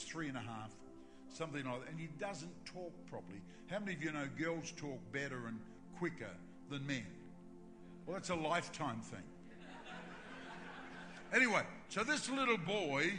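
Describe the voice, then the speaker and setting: An older man preaching a sermon as pastor, emphatic and building to shouts in prayer. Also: a little high. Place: large church hall. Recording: long hall reverb with music.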